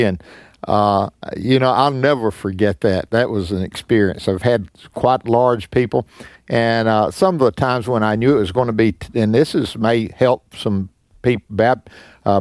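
A man co-hosting a Bible call-in radio show, speaking in a pastoral way with many halting restarts. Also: on the low side, darkish tone, no room sound, clean studio sound.

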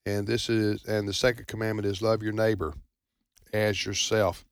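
A man's voice: on the low side, level tone, normal speed, clean tone, no echo, clean studio sound. A man hosting a radio call-in trivia show, chatting in a casual, rambling, folksy way. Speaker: radio talk show host. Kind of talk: casual call-in quiz chat.

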